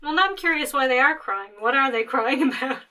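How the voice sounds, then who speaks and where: A woman's voice: high-pitched, animated, fairly quick, sharp tone. A young woman guest on a podcast, chatting casually and teasing, hedging her claims with filler words.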